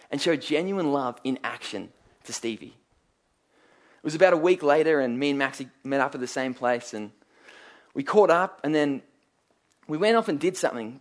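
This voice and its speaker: An earnest male preacher, his voice sitting a little higher than most men's. He drives his points home with emphatic repetition and rhetorical questions, moving between scripture and personal stories. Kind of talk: sermon.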